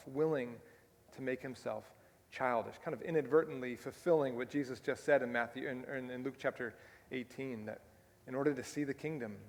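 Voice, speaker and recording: A man's voice: medium pitch, creaky, long reverb tail. A male pastor preaching a sermon in a conversational way, often tossing in rhetorical tag questions. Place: church sanctuary.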